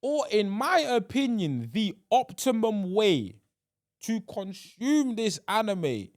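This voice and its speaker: A man's voice: high-pitched, sing-song, slow pace, no echo, clean studio sound. A young man hosting a podcast, chatting casually and animatedly, often restarting his sentences. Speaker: podcast host. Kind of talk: casual solo podcast chat.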